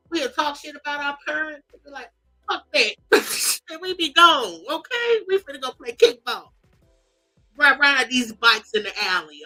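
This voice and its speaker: A high, bright woman's voice, reading celebrity posts aloud and reacting with sass. She swings into mock wails and drawled asides as she comments. Faint music plays under her voice. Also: rough recording. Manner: animated, sassy, mock-crying, drawling asides. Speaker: commentary host.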